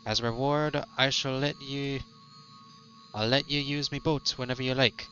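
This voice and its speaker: A man's voice: mid-range voice, steady tone, moderate pace, bright, forceful tone, lo-fi sound, faint music behind, pitched above the performer's own voice, close to an everyday voice. A man voicing a broke, folksy old sea captain with a pirate-like brogue. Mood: grateful.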